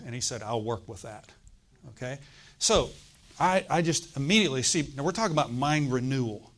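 Animated storytelling preacher man. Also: mid-range voice, brisk. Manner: animated storytelling preacher, loud bursts and acted-out laughs. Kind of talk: sermon.

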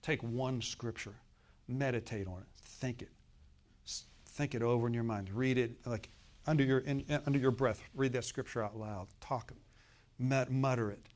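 Here a man preaches a sermon with folksy warmth, addressing the congregation head-on. He alternates booming emphasis with hushed asides, using a mid-range voice, fairly level intonation, and normal speed.

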